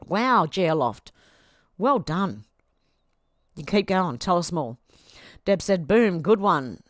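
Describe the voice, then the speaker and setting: A teary, sniffling Australian woman reads out viewer comments on her home livestream, chatty and quick. Her voice sits a little low and close to the mic, with no room sound around it. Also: big pitch swings, no room sound. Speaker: livestream host reading chat. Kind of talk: casual livestream chat, reading comments aloud.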